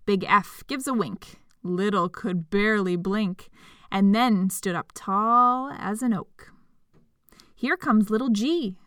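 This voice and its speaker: A woman reading a rhyming storybook aloud, playful and expressive, with whispered asides. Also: mid-range voice, no echo, studio quality.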